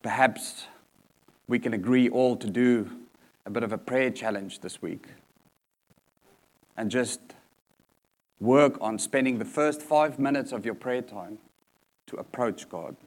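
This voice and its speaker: A man's voice: mid-range voice, unhurried, pauses often. A man preaching a sermon in an earnest manner, repeating key points for emphasis.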